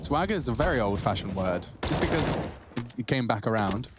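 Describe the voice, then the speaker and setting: A man's voice: medium pitch, very animated, a little fast, heavy background noise. A man giving playful, teasing color commentary on a competitive shooter match.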